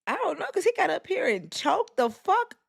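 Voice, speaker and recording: A woman's voice: very high-pitched, big pitch swings, normal speed, vocal fry, no room sound, studio quality. A woman hosting a live stream, blunt and profane, cracking up with her co-hosts. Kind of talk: casual live chat.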